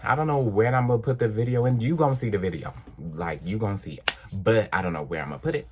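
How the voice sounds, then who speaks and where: Young male vlogger, lowish voice, casual animated storytelling. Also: fast talker, a little hiss or hum. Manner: animated, acts out dialogue in quotes.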